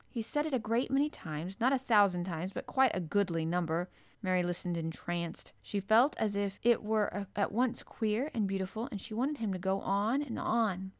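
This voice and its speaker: A woman narrating a children's storybook in a measured, expressive reading. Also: mid-range voice, no echo, studio quality. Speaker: audiobook narrator.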